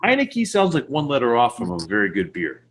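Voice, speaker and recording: A man's voice: mid-range voice, wildly swooping pitch, fairly quick, a bit bright. A man hosting a sports podcast in casual chat, laughing often and steering the talk to the next game. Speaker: podcast host leading the segments.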